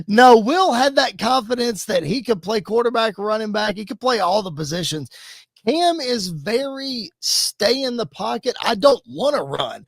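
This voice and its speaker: A man's voice: very high voice, expressive, measured pace, creaky, dry recording. A man appearing as a guest podcast host, giving earnest sports analysis and repeating his key points.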